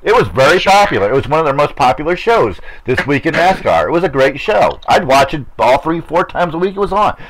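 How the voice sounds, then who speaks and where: Rambling middle-aged racing show host. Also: male voice, a little high, very animated, brisk, few pauses, poor audio. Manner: rambling, repeats himself, laughs easily. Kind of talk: casual chat.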